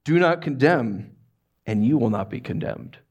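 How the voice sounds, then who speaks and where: Animated, playful preacher man. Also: mid-range voice, measured pace, muffled recording. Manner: animated, playful storytelling with audience questions. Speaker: pastor. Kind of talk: sermon.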